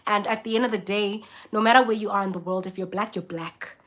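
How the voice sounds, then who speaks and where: A woman's voice: medium pitch, fairly even intonation, quick pace, fairly bright tone. A South African woman ranting bluntly and emphatically in a casual vlog. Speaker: vlogger. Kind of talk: casual vlog rant to camera.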